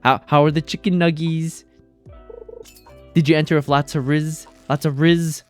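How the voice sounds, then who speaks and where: A man's voice: on the high side, little pitch movement, normal speed, soft background music. A man streaming a game, chatting casually in a rambling, jokey way and reacting to chat.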